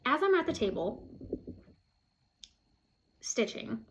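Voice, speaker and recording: A woman's voice: high-pitched, sing-song, takes it slowly, slight background noise. A woman vlogging casually to camera, chatty and self-deprecating, with frequent fillers and laughs. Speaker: flosstube vlogger.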